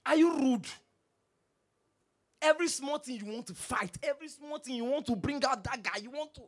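A pastor preaching a sermon, firing rhetorical questions and swinging from hushed asides to loud bursts. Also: high-pitched, quick pace.

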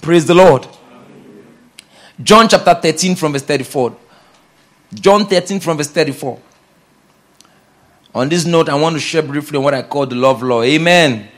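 A high-pitched man delivers an emphatic sermon. He repeats his key points and lifts his voice loudly whenever he reads scripture aloud. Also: normal speed, pauses often. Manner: emphatic, repeats key phrases, rises loud for scripture readings. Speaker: pastor.

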